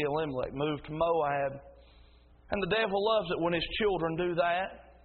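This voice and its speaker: A man preaching a sermon as pastor in a church, emphatic and rising into a loud preaching cadence. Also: fairly high pitch, vocal fry, slightly rough. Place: church sanctuary. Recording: tinny phone-like sound in a reverberant hall.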